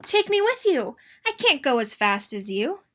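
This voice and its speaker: A woman voicing a small, ugly male frog in a read-aloud storybook, asking and pleading in a high voice. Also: normal speed, bright, forceful tone.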